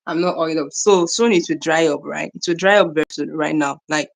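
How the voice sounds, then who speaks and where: A young woman from Nigeria speaks a little fast in a low, creaky voice while hosting a laid-back morning livestream. She says hello to viewers by name and tends to repeat things.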